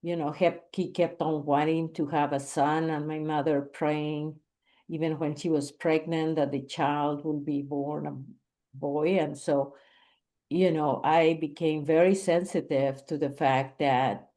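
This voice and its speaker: A woman from Bolivia, a guest slowly recalling her family in an interview. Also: low voice, fairly even intonation, warm tone. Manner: slow, measured recollection. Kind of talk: conversational storytelling interview.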